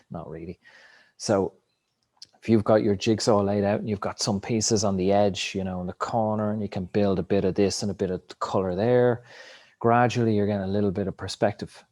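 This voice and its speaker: A man's voice: lowish voice, fairly even intonation, normal speed, a little mellow, no echo. A man talking in a rambling, reflective spiritual monologue, cursing now and then. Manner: rambling, reflective, swears casually.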